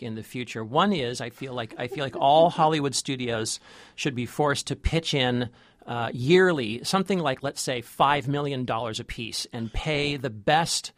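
A man co-hosting a casual movie review chat, halting and full of restarts, with wry humor. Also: medium pitch, dry recording, studio quality. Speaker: film critic co-host.

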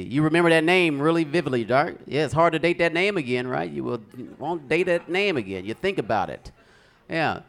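Animated male stand-up comedian. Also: a little high. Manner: animated storytelling, acting out characters. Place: comedy club stage.

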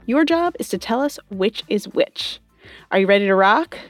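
A woman hosting a scripted kids' game show podcast, playing the brisk, exasperated straight woman. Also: medium pitch, lively intonation, no echo, faint music behind.

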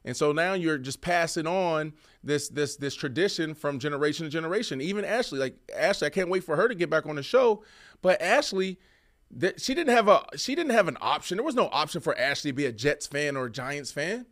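Animated man debating football, slightly high voice. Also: brisk. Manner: animated, argumentative, swings loud and soft. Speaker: podcast co-host, former wide receiver. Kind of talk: casual sports debate.

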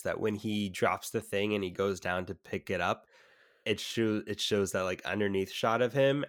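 Male podcast co-host, fairly low voice, dry close sound, rambling and loose with swearing. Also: a bit bright, no echo. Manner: rambling, swears casually, hesitant restarts. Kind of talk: casual movie discussion.

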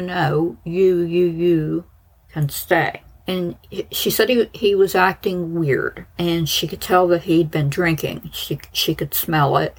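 A woman with a low voice and a husky, slightly breathy tone tells a true crime case to her podcast listeners. She talks loosely and conversationally, full of "like" fillers and offhand asides. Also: rough recording. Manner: chatty and informal, many "like" fillers and asides. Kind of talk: casual storytelling narration.

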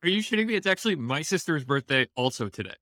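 A man co-hosting a podcast, chatting casually with wry, deadpan asides. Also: on the high side, fast talker, no echo, studio quality. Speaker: podcast co-host. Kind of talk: casual chat.

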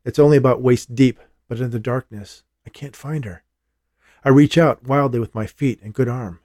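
A man giving a steady, measured first-person thriller narration as an audiobook reader. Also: medium pitch, no echo, studio quality.

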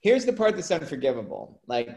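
A man co-hosting a casual chat, telling animated anecdotes with quick asides. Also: a little high. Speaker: podcast co-host.

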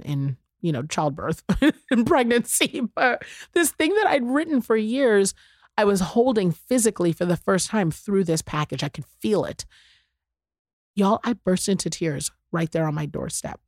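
A woman hosting a casual podcast chat, telling a story in an animated way and using lots of "y'all" and "like". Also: on the low side, no room sound, studio quality. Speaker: podcast host.

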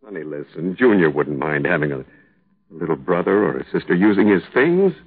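A man's voice: sits low, sing-song, a little fast, husky, heavily acted. An actor playing a grieving young husband in a 1950s radio drama, earnest and tender as he pleads with his wife. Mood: urging. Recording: tinny old radio broadcast.

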